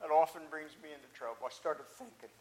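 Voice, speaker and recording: This first-person dramatic monologue has a man voicing the apostle Peter, a talkative, impulsive fisherman, with earnest, searching restarts as he preaches. His voice is a little high and a little mellow, fast and lightly acted.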